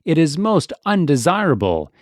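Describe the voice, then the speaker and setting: A man's voice: fairly high pitch, sing-song, moderate pace, no echo, studio quality, pitched above the performer's own voice. A man putting on a prim, proper lady cat. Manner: genteel, disapproving, matter-of-fact.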